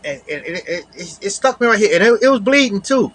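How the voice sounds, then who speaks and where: A man with a high voice tells a personal story in a casual, conversational way. He circles back over his own phrases, repeats them, and keeps dropping in "you know.". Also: animated, a little fast, fairly bright tone, breathy edge.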